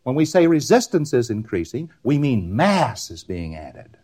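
A man's voice: mid-range voice, big pitch swings, measured pace, warm tone, slightly rough. A man giving a recorded lecture, rambling and repeating words in rhythmic runs, often ending on a tag question.

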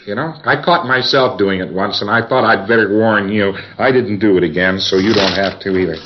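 A man's voice: lowish voice, brisk, background noise. Folksy man lecturing on a dull old tape. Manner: wandering, folksy, with asides and chuckles. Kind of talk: recorded lecture reviewing sessions.

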